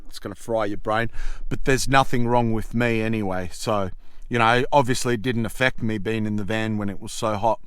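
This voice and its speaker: A man's voice: lowish voice, fairly even intonation, moderate pace, fairly bright tone, clear, resonant tone, no echo, clean studio sound. A young adult man, chatting casually inside his camper van and telling meandering stories. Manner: chatty, colloquial, meandering storyteller. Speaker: vlogger. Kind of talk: casual rambling vlog chat.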